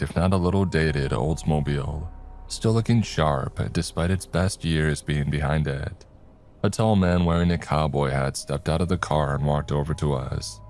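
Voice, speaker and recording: Very deep-voiced man narrating horror. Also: darkish tone, a little hiss or hum. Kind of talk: scripted horror story narration.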